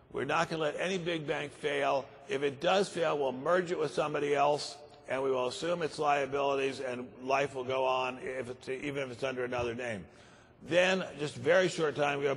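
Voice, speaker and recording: Older male keynote speaker, husky, grave and emphatic, long hall reverb. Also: medium pitch. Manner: grave, emphatic, repeats words for stress. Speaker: conference speaker. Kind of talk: keynote speech. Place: large conference hall.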